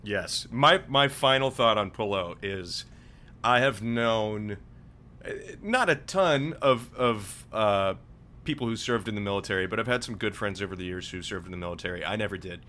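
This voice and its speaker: A young man co-hosting a podcast, talking in a measured, thoughtful way. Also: lowish voice, bright, forceful tone. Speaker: podcast co-host. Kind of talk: casual chat.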